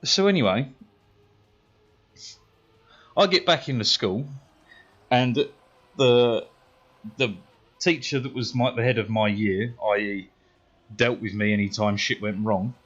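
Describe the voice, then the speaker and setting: A British man, a game streamer, telling a story casually with heavy swearing and animated retelling. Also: fairly low pitch, slow pace, pauses often, dull audio. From United Kingdom. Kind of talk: casual storytelling while gaming.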